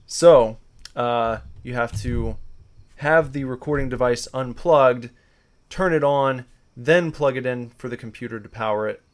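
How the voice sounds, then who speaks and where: A podcast co-host with a medium-pitched voice talks at a measured pace. The chat is casual and loose, rambling along with plenty of fillers.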